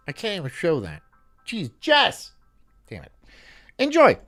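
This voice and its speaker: A man hosting a reaction stream, talking in a mocking, loud way and repeating his jokes. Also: high voice, wildly swooping pitch, a little slow, faint music behind. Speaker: streamer host.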